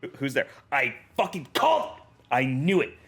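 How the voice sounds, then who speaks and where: A man streaming a video game, chatting casually, reading its dialogue aloud and reacting with excited, jokey swearing. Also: medium pitch, normal speed, gravelly, slightly rough. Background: faint game music.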